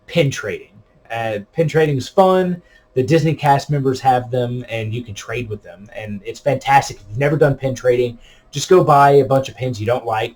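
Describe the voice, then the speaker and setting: Easygoing man, 30s, rambling vlogger, mid-pitched voice, many fillers. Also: a little mellow. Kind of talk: casual chat to camera.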